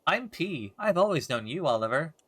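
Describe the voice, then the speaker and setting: A man voicing a calm, mysterious ghost girl who speaks softly and slowly. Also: a little high, slight background noise.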